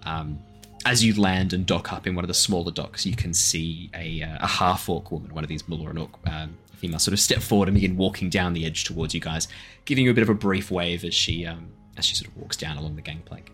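A man's voice: low voice, quick pace, a bit bright, faint music behind. A man running a tabletop game as dungeon master, narrating loosely with hesitations.

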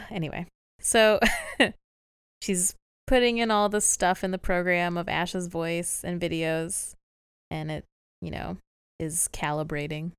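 Giggly woman with a gravelly edge. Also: lowish voice, fairly even intonation, takes it slowly, long pauses, dry recording, clean studio sound. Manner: giggly, chatty, laughs often. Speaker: podcast co-host. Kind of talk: casual chat recapping a show.

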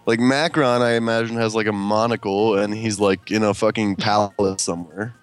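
A man's voice: fairly low pitch, fairly even intonation, moderate pace, dry recording, faint music behind. A man co-hosting a podcast in casual chat, rambling and swearing, with many "like" fillers. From Polish family. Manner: profane, rambling, full of "like" fillers. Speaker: podcast co-host.

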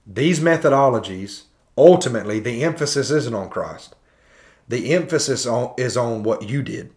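Man, thirties, earnest, preacherly, rhetorical questions, mid-pitched voice. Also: lively intonation, normal speed, darkish tone. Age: 30s. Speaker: podcast host. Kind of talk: critical sermon commentary.

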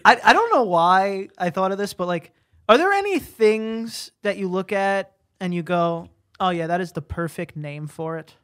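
High-voiced man teasing his friends. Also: animated, moderate pace, fairly bright tone, smooth. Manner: teasing, argumentative. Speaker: podcast co-host. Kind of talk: casual chat.

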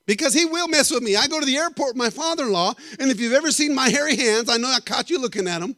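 High-voiced preacher telling stories. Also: male voice, fast, few pauses, dry recording. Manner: animated, joking with the congregation. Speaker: guest preacher. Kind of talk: storytelling sermon.

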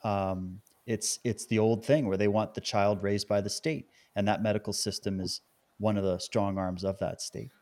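A man's voice: on the low side, fairly even intonation, normal speed, darkish tone. A man hosting an interview, commenting earnestly and with indignation on what his guest tells him. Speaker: host, interviewer. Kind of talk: interview talk.

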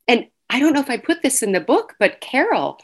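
A woman's voice: high-pitched, big pitch swings, a little fast, husky. A woman, an author and guest, telling her story in a casual interview, acting out dialogue and laughing between phrases.

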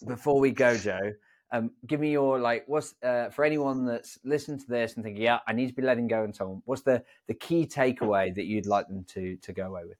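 A man hosting a business podcast interview, relaxed and encouraging his guest. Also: medium pitch, fairly quick. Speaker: podcast host. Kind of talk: casual interview talk.

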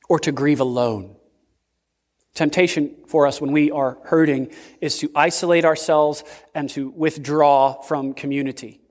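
A man serving as pastor gives a slow, emphatic sermon in which his pitch swings without warning. A large hall's long reverb surrounds the recording.

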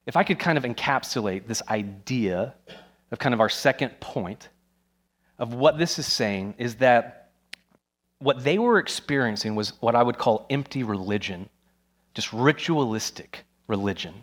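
Male pastor, mid-pitched, lively sermon delivery with playful asides. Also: normal speed. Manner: animated, acts out scenes with voices.

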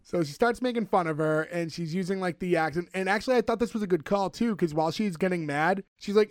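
A man's voice: high voice, fast, hardly any pauses, no room sound. A man, chatting casually as a podcast co-host. He rambles through his recap with plenty of fillers. The recording is close and dry, with no room sound. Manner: animated storyteller, rambling with fillers. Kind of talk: casual chat.

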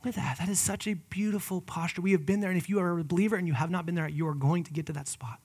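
A man preaching a sermon in an earnest, conversational way, moving between loud emphatic peaks and hushed whispers. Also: high voice, fairly even intonation, very fast, slightly rough. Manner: personal, addresses listeners as guys. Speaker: pastor.

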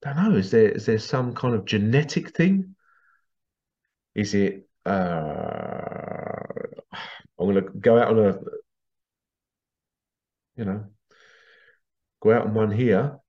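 A man's voice: lowish voice, expressive, takes it slowly, pauses often, a little mellow, highs cut off. A man hosting a podcast monologue, ranting in an indignant, sarcastic way and swearing casually. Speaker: podcast host.

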